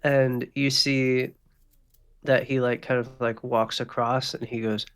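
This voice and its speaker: This is a man acting as dungeon master and narrating the scene. His delivery is loose and conversational, full of filler words. His voice sits in a middle pitch. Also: level tone, a little slow, a bit bright, clear, resonant tone. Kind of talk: narrating a tabletop game.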